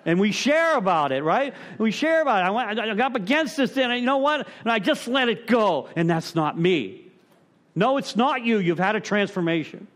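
A man's voice: very high voice, a little fast, hardly any pauses. A man speaking to a recovery group, reading from the text and breaking in with his own comments, often checking that the room is with him. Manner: conversational, asks the room for agreement; animated storytelling.

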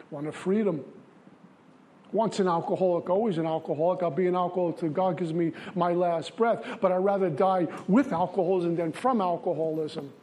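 A man's voice: high-pitched, darkish tone, slight background noise. A man from Brooklyn, giving an earnest, confessional recovery testimony in a repetitive style. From Brooklyn, New York. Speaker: recovery speaker.

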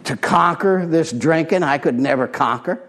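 A man's voice: on the high side, moderate pace, a bit bright. An older man giving a personal testimony talk at a recovery meeting, blunt and plainspoken. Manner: blunt, plainspoken, street-wise.

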